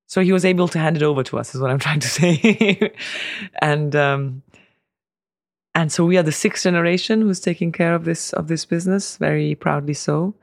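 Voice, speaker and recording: A man's voice: fairly high pitch, steady tone, a little fast, vocal fry, no room sound, clean studio sound. A middle-aged man telling long family anecdotes with fillers and easy laughs in a casual interview. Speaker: guest, family business heir.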